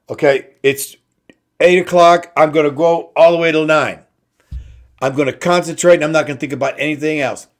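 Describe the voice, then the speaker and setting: Male inspirational host, unhurried and emphatic, speaks a little higher than most men. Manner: slow, emphatic, repeats key phrases. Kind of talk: inspirational talk show monologue.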